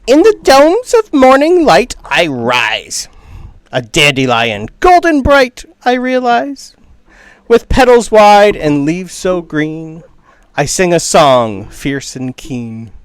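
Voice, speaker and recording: A man's voice: huge pitch swings, slow, smooth, no echo, exaggerated voice. Man voicing Amador, a tiny swaggering dandelion swordsman. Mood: grand recital. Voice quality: tiny weird high voice. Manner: grandly declaiming, bossy and flirtatious. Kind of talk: game master voicing a character.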